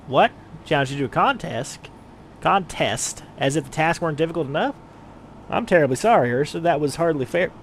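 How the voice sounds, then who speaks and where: Man voicing an earnest veteran mentor, encouraging, slightly higher voice, faint noise. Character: warm veteran male guild mentor.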